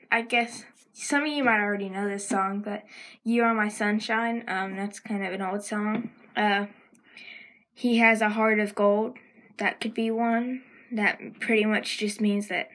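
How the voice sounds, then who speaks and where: A woman's voice: medium pitch, a bit bright, poor audio. A woman with a Southern American accent, hosting a casual educational podcast and hesitating often with ums as she corrects herself. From Southern United States. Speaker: podcast host.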